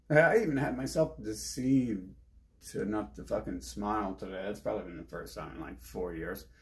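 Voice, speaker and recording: Male streamer, gravelly voice, swings up and down in pitch, swears constantly, rambles restlessly. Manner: heavy swearing, restless, jumps between topics. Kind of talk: agitated rambling monologue.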